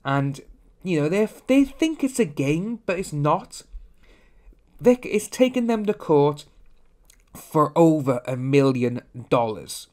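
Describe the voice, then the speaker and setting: A man's voice: fairly high pitch, very animated, slow, a little mellow. A young man hosting a casual opinion commentary, talking bluntly and ranting, often mimicking others. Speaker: commentary channel host.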